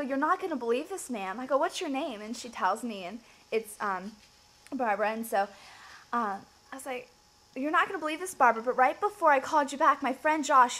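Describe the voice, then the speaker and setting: A woman telling a story in a casual, animated way, her voice jumping up when she gets excited. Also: on the high side, poor audio. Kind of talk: casual testimony.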